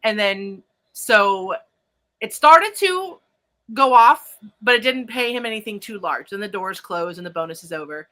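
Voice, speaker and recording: A woman hosting a podcast as a psychic medium, telling a story in casual chat with animated excitement and spiritual vocabulary. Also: mid-range voice, moderate pace, hardly any pauses.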